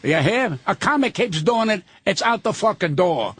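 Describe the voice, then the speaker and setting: An older man, a guest comedian on a radio talk show, telling indignant, profane stories in a loud ranting way. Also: sits high, very animated, moderate pace, breathy edge, no room sound. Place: radio studio.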